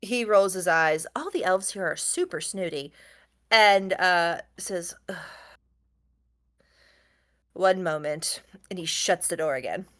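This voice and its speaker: A woman's voice: lowish voice, lively intonation, measured pace, fairly bright tone. A woman narrating as game master for a tabletop game, rambling with many fillers and frequent laughs.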